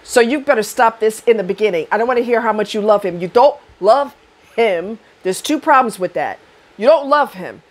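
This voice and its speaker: A middle-aged woman speaks straight to camera at a normal pace, handing out blunt, profane dating advice. When she launches into a rant, her voice climbs loud and high.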